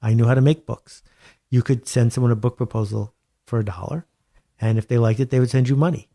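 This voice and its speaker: A man being interviewed as a guest author. He tells stories in an animated, wry way and leans on emphatic repetition. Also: medium pitch, a little fast. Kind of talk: conversational interview. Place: home studio.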